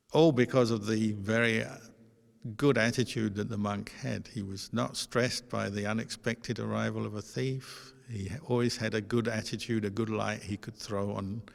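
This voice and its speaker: A man, a Buddhist monk, giving a dharma talk in a gentle, conversational storytelling manner. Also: lowish voice, vocal fry. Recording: long hall reverb.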